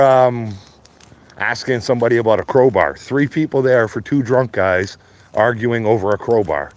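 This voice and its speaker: A man chatting casually on a livestream while walking his dog through his neighborhood, rambling and calling everyone "man". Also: mid-range voice. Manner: rambling, repeats greetings, says "man" often. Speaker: livestreaming street auditor. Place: outdoors on neighborhood streets.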